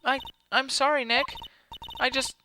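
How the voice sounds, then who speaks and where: A man voicing a frightened young woman, a spirit medium, soft and hesitant. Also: very high-pitched, little pitch movement, a little slow, noisy background, pitched above the performer's own voice.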